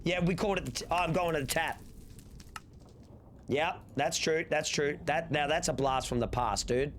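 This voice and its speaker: A man's voice: a little high, moderate pace. A young Australian man chatting casually to his stream chat, rambling and swearing freely. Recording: steady background noise.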